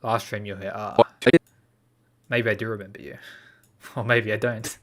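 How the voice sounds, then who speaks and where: A man's voice: fairly low pitch, flat delivery, normal speed, bright, forceful tone. An Australian man chatting casually on a livestream, laid-back and rambling with lots of fillers. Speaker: anime streamer.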